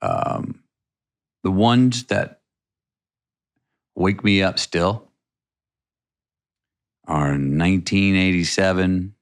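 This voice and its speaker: A man's voice: deep voice, very slow, pauses often, clean tone. A middle-aged man from Texas, a podcast guest telling a personal story in a rambling, vivid way with many restarts.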